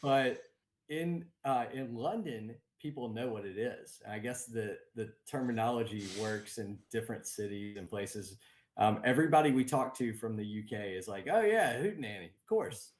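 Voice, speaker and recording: A man's voice: lowish voice, moderate pace. Upbeat man chatting on a call. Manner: upbeat, relaxed, with many ums. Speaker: board game company guest. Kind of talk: casual interview chat. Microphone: remote video call.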